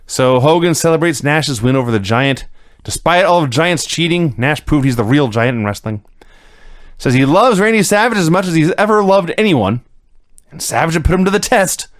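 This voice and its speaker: Guy doing a podcast recap, dry jokes, bouncy pitch, close dry mic. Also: normal speed, dry recording. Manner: wry, deadpan jokes with frequent chuckles. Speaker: podcast co-host recapping wrestling. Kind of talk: casual podcast chat.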